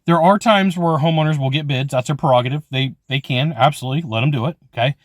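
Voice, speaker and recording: A man's voice: a little high, fast talker, dry recording, clean studio sound. A man teaching trade sales, talking bluntly and emphatically and acting out customer conversations. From California. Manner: blunt, emphatic, storytelling with quoted dialogue. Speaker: HVAC sales trainer. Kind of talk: casual instructional talk to camera.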